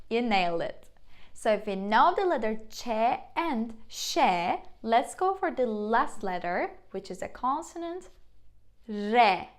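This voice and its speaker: A young woman with a Turkish accent teaches a beginner language lesson, slowly saying each word and then repeating it. Her voice sits a little on the high side, and she speaks at an unhurried, careful pace. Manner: slow, repeats each word aloud twice.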